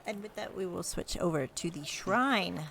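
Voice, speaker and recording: A woman running a tabletop game as dungeon master, explaining rules in a relaxed, unhurried way. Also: on the low side, vocal fry, background noise.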